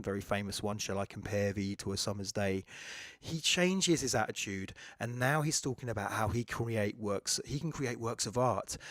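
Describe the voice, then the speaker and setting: A man's voice: fairly low pitch, dry recording, studio quality. A man hosting a podcast, talking through poetry in a casual, digressive way, with fillers and self-corrections. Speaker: podcast host. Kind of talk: casual spoken lecture on poetry.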